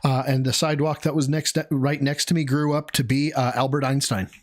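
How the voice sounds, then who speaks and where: A man's voice: mid-range voice, little pitch movement, brisk. A man co-hosting a live stream, roasting his partner with sarcastic, crude jokes. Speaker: stream co-host.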